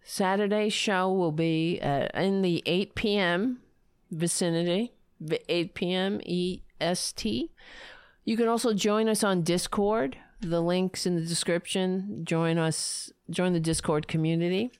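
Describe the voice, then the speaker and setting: A woman hosting her own show, signing off in a rambling, self-deprecating way with halting restarts, her voice worn low and hoarse from shouting. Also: no room sound, clean studio sound. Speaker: show host. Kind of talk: casual live-show sign-off.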